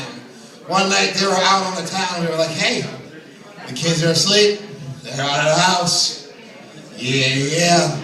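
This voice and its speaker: A young man doing open mic stand-up comedy, telling self-deprecating stories with chatty asides. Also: high voice. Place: small comedy venue with audience. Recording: echoey room recorded from far off.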